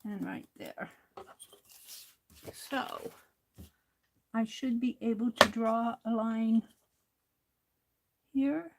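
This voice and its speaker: A woman's voice: on the high side, fairly even intonation, extremely slow, creaky, pauses often, background noise. A woman hosting a crafting livestream, chatting to viewers while she works and laughing often. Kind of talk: casual crafting chat while working.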